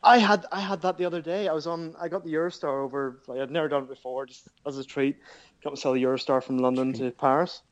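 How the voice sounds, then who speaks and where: A man's voice: fairly high pitch, steady tone, fast talker, lo-fi sound. A man from Northern Ireland with a Belfast accent, chatting wryly as a podcast guest. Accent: Belfast Northern Irish. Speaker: guest designer. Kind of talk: casual podcast chat.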